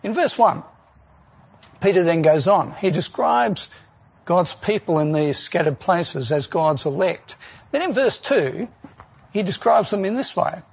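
A man preaching a sermon, earnest and emphatic, asking rhetorical questions and pausing on key words. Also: sits high, lively intonation, creaky, slightly rough.

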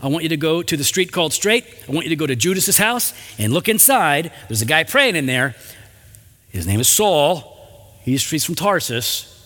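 A calm divine male voice gives plain, direct instructions, as a preacher puts it on. The tone is bright. A long hall reverb trails each phrase. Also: fairly high pitch, normal speed, full character voice.

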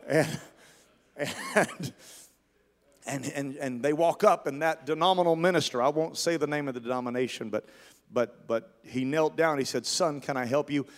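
A man preaching a sermon as a pastor, telling a story with passion and building to near shouts. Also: on the high side, moderate pace, long reverb tail. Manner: impassioned, rising to near shouts.

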